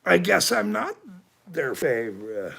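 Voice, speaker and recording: A man's voice: fairly high pitch, big pitch swings, a little slow, vocal fry, sharp tone, husky. A middle-aged man hosting a livestream, ranting at his chat in a profane, combative way with frequent laughs. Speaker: livestream host.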